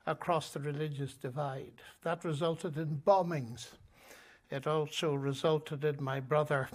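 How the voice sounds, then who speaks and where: An older man from Northern Ireland with a Northern Irish accent, telling his story in a measured, gently humorous way as the guest of a live on-stage interview in a lecture hall. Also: on the high side. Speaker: guest speaker.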